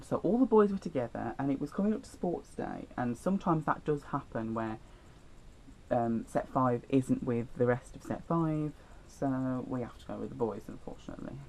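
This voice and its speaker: A man's voice: mid-range voice, darkish tone, a little hiss or hum, rough recording. Teen boy vlogger, rambling and self-deprecating, telling school stories. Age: teens. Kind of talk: storytime vlog.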